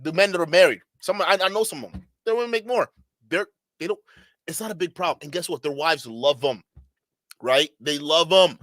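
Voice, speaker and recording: A man with a high, bright voice rants through a reaction commentary. He talks bluntly and profanely, breaking into laughter and mocking asides. The sound is dry and close. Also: brisk, no echo. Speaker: streamer commentator.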